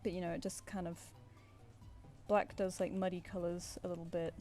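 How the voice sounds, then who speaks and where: Chatting on stream as she draws, a woman from England with a Southern English accent keeps rambling and beginning her sentences again, at home in her flat with a cat. Her voice is lowish and dark, with little pitch movement and a moderate pace, over faint background music.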